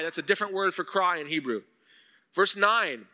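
A man's voice: a little high, lively intonation, moderate pace, bright, forceful tone, big-room sound. A male pastor preaching an earnest sermon, at times rising to a pleading intensity as he reads scripture. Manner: earnest, builds to pleading intensity when voicing psalm verses.

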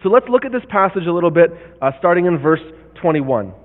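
A man's voice: high-pitched, sing-song, fast. Male pastor, sermon delivery, explanatory tone that checks in with listeners; tinny phone-band sound, long reverb. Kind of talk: sermon teaching on a Bible passage.

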